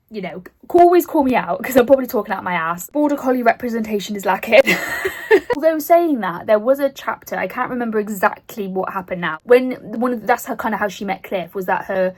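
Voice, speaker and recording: A woman in her late twenties talks casually to camera as a book vlogger, rambling and poking fun at herself. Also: mid-range voice. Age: 20s. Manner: rambling, self-deprecating, chatty.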